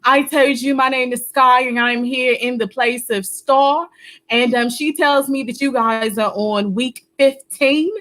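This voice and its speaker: A woman's voice: high-pitched, fairly even intonation, unhurried, fairly bright tone. A woman playing a flamboyant, well-travelled stand-in host who hosts an online reading night with theatrical, teasing banter. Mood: playful. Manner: theatrical, teasing, with an accent that wanders between places. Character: flamboyant globe-trotting female substitute host. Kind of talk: playful live-stream hosting banter.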